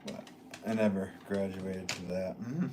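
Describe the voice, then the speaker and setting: Middle-aged man, potter hosting a casual livestream; low, relaxed, rambling delivery over a noisy studio background. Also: a little slow. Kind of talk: casual live-stream chat reading comments.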